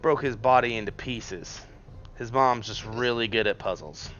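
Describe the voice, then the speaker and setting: A man's voice: medium pitch, normal speed, fairly bright tone, slight background noise. A man running a tabletop game as game master, laughing often and swearing casually. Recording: dull lo-fi mic.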